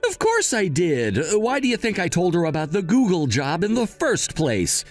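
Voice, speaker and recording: A smug, scheming brother, played by a man, talks in a fairly high voice that swings up and down. He sounds entitled and whiny when his plans fail. Faint music runs behind him. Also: huge pitch swings, moderate pace, exaggerated voice. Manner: smug, whining. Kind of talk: text-story voice acting.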